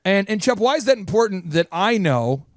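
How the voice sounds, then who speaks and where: A man hosting a business talk show, energetic and playful, steering the talk with rapid leading questions and comic asides. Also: high voice, dry recording. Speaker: host.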